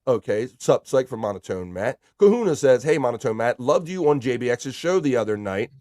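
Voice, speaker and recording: Guy running a chill livestream, reads the chat out loud, cusses a lot, mid pitch, super dry sound. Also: sing-song, a little fast, dry recording. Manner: loose and profane, shouting out chatters by name. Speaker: livestream host. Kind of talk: casual livestream chat, reading viewer comments aloud.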